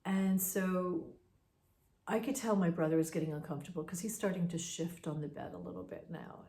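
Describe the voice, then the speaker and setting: A woman's voice: fairly low pitch, brisk, mellow. A woman casually telling a personal ghost story in a chatty, conversational way. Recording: roomy echo.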